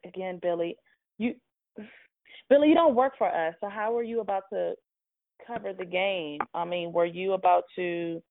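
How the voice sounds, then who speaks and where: A woman's voice: lowish voice, normal speed. A woman hosting a sports radio call-in show, hesitant and full of fillers but patient with the caller. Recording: phone-like dry audio.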